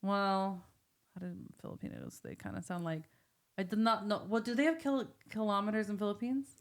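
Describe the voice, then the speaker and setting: A woman's voice: medium pitch, a little fast. A woman from the United States hosting a podcast in loose, chatty talk and laughing easily. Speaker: podcast host. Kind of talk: casual chat.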